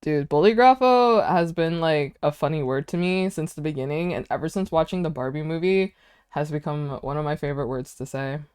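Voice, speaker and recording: A woman's voice: deep voice, brisk, a little mellow, clean tone, dry recording, clean studio sound. A woman streaming casually as she works through a language lesson, chatting playfully and sounding out foreign words aloud. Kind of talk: casual livestream chat during a language lesson.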